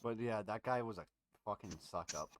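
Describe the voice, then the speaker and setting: A man's voice: on the low side, normal speed, noisy background. A man co-hosting a podcast in casual chat, mostly offering short offhand reactions. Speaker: podcast co-host.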